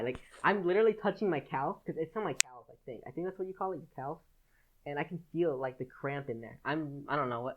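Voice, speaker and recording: A teenage boy talks his way through a solo podcast episode in loose, casual chat. His voice sits a little high for his age, and he rambles with plenty of "like"s and restarts. The recording is dull and lo-fi, as from a home setup. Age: teens. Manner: rambling, chatty, with many "like"s and restarts. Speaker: podcast host.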